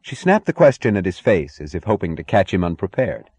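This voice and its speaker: A deep, low-pitched male voice with a breathy edge narrates an audiobook from a script, measured and expressive. The recording is dry and close, with no echo or room sound.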